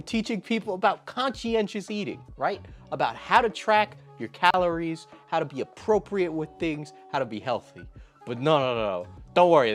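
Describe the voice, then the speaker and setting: A young man giving comedic reaction commentary in an exasperated, sarcastic, ranting manner. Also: a little high. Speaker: YouTube commentator.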